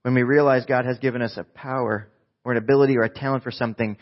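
A married man preaching a conversational sermon to a live congregation, lively and jokey, often quizzing the audience with quick questions. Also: medium pitch. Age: adult, married with a wife. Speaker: pastor. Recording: dull lo-fi sound.

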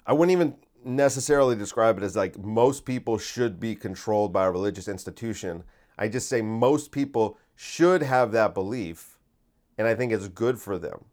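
A man's voice: on the low side, moderate pace, darkish tone. Incredulous rambling man. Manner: rambling, incredulous, full of restarts and rhetorical questions. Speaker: podcast host. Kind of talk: casual podcast talk.

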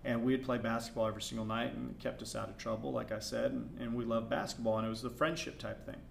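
A middle-aged podcast co-host tells a story in a casual, animated way, his gravelly voice at an ordinary pitch. He talks fast, dropping into hushed asides before rising into loud outbursts, with a little hiss or hum in the recording.

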